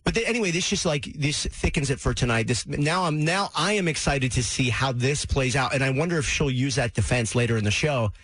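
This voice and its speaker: A man co-hosting a radio morning show in casual on-air banter, animated and quick to jump in. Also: medium pitch, breathy edge, no room sound. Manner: animated, jumps in over his co-host. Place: radio studio. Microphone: studio microphone.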